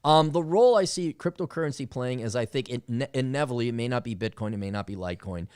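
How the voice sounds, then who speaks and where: A man chatting casually in a studio, telling animated stories and acting out quotes. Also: medium pitch, quick pace, clean tone, no echo. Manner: animated storyteller, acts out quotes. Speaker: guest. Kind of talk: casual chat.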